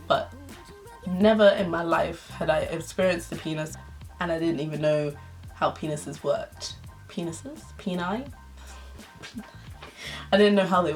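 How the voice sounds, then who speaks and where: A young adult woman vlogger reads her old fan fiction aloud, laughing and adding embarrassed, self-mocking asides. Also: on the low side.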